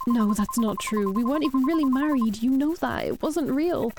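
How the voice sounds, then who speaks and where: A woman's voice: medium pitch, steady tone, creaky, darkish tone, faint music behind, lightly acted. A woman voicing a desperate, guilt-ridden young protagonist in a horror game, pleading tearfully. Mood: protesting. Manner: pleading, tearful, slow and raised.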